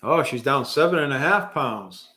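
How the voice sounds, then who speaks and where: A middle-aged Californian man hosts a casual livestream, reading viewer comments and rambling with many fillers, restarts and self-mocking jokes. His mid-range voice is pushed and bright, with lively intonation at a normal speed.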